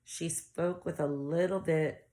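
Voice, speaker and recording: A woman narrating a novel aloud in a steady storytelling manner. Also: low voice, slow. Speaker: audiobook reader. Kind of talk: audiobook narration.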